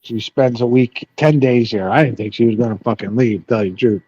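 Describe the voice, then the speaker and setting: A man's voice: mid-range voice, fairly quick, warm tone, no echo, lo-fi sound. A middle-aged man telling a rambling, profane story on a live chat panel.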